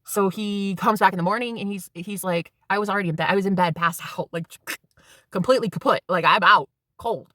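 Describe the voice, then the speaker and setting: A woman's voice: medium pitch, a little fast, a bit bright, dry recording, clean studio sound. A woman in her thirties telling a rambling, casual story to her vlog viewers and swearing freely. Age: 30s. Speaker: spiritual vlogger.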